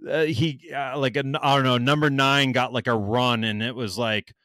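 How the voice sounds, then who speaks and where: Speaking at a normal speed with a medium pitch, a man relates a story in relaxed conversation, swearing a great deal and voicing what others said. The studio-quality recording has no room sound.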